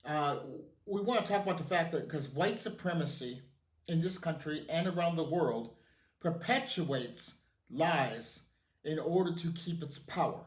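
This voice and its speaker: Male podcast host, halting intro, slightly high voice, echoey room. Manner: halting, with fillers. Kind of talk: casual show intro. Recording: roomy echo.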